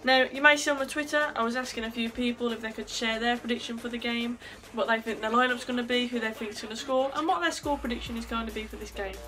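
A British woman hosting a football fan video, a little hoarse from being ill, chatty and upbeat. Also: fairly high pitch, fairly even intonation, fast talker, hardly any pauses, sharp tone. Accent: British English. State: hoarse from illness. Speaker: podcast host.

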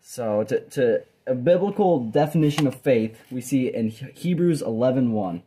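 Young man, earnest devotional talk, dorm room, rambling with restarts, warm mellow tone. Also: mid-range voice, expressive, normal speed, slight background noise. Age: young adult. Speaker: Bible college student sharing a devotional video. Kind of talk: casual devotional talk to camera.

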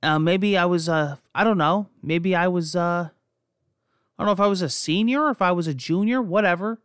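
Brief: young male podcast host from New Jersey, fairly high voice, loose and profane storyteller, dry close recording. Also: normal speed, fairly bright tone, smooth, no room sound. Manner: rambling, profane, frequent restarts. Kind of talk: casual personal storytelling.

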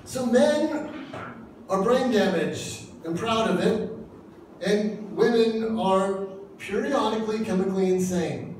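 High-voiced joking pastor in echoey hall. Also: male voice, slow pace, darkish tone, distant mic, a little hiss or hum. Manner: jokey, acts out dialogue in voices. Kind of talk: humorous sermon. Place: church hall.

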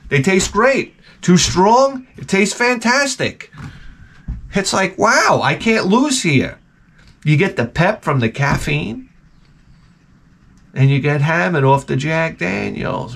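A man's voice: high-pitched, gravelly, a bit bright. A man hosting his channel, rambling casually and comically, with frequent profanity. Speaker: channel host.

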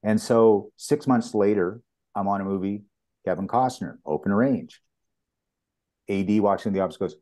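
Speaking at a normal pace, a deep-voiced man from Canada recounts stories as an interview guest. He works as a property master and animates his anecdotes by acting out what people said.

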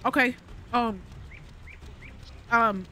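A woman's voice: fairly high pitch, drawn-out words, pushed and bright, slight background noise. A woman hosting a gaming channel, giving profane, joking let's-play commentary and talking back to the game characters.

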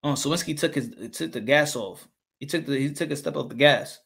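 A man calling a boxing fight live as channel host, excitable, repeating his calls and swearing. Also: fairly high pitch, fairly quick, creaky.

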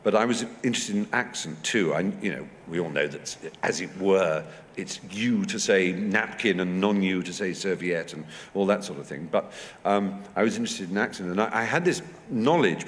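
An English man in his fifties telling anecdotes at a festival talk, lively and animated, slipping into high voices to act out what people said. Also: a little hiss or hum. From England. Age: 50s. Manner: animated storyteller, acting out quotes with high squeaky voices. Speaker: guest speaker. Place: large festival hall. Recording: echoey hall recording.

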